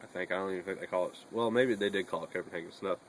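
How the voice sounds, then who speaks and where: A man's voice: sits low, rapid-fire, slight background noise, poor audio. A young man chatting casually in a bedroom vlog, rambling and swearing a lot between fillers. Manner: rambling and profane, with many fillers.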